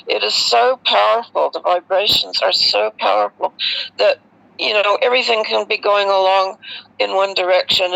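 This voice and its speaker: An American woman, a radio host, recounting a personal experience to her listeners in an expressive, animated way. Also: mid-range voice, creaky, muffled recording. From United States. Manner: expressive, animated retelling with emotional swings.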